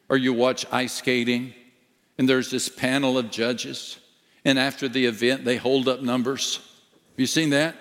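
A male pastor preaching a sermon slowly and emphatically, dropping to a hush at times. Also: medium pitch. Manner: slow, emphatic preaching with dramatic dips to a hush. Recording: long reverb of a large hall.

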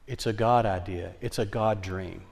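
A man pastor with a Southern twang preaching a sermon, swinging from loud, fired-up exhortation to hushed storytelling. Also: fairly low pitch, steady tone, normal speed, creaky. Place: church sanctuary. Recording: long reverb from a large hall.

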